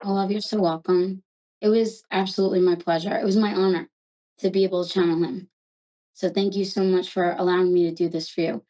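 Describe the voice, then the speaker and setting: Chatty New York woman hosting a psychic call-in, mellow and a little muffled. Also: lowish voice, flat delivery. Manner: fast, chatty and affectionate, calls callers love. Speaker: psychic reader host.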